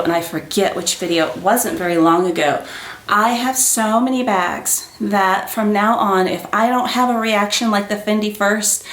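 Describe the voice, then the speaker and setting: A woman's voice: medium pitch, fairly bright tone, echoey room. A woman chatting to her viewers as she unboxes a handbag, gushing and exclamatory in a casual way. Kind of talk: casual unboxing chat to camera.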